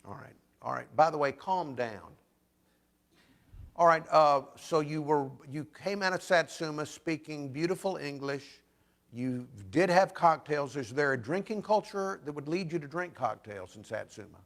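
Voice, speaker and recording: A man hosts a comedic interview show, teasing his guest and pressing his points with emphatic bursts. His pitch sits a little high for a man and swings widely as he talks. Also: moderate pace. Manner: joking, emphatic, animated. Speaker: talk show host.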